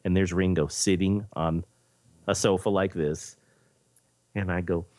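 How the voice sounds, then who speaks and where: A man's voice: sits low, measured pace, pauses often, no echo. A middle-aged man from the United States, a podcast host telling an anecdote in a casual chat and acting out the quoted dialogue. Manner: animated anecdote teller, acts out quoted dialogue.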